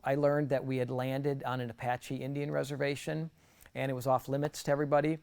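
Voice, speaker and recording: A middle-aged man with a gravelly, crackly edge to his voice tells a personal testimony to a gathering. His delivery is earnest and conversational, with frequent restarts, at a middle pitch. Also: flat delivery, fairly quick, a little mellow. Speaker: guest speaker.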